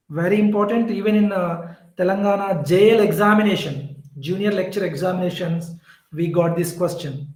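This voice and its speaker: A man's voice: high voice, darkish tone, roomy sound, poor audio. A man teaching an online exam-prep lesson on literature. He explains step by step, repeats key terms and corrects himself as he goes.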